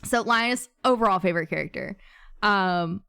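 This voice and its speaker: A woman hosting a casual book club chat, bubbly and laughing often, with quick asides. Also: medium pitch, vocal fry, pushed and bright, clean tone.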